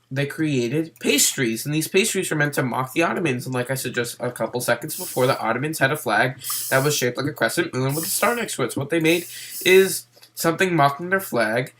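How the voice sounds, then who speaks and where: A man's voice: on the high side, fairly bright tone, slight background noise. A man giving casual let's-play commentary while he plays, rambling in a hyper, silly way. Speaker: gameplay commentator.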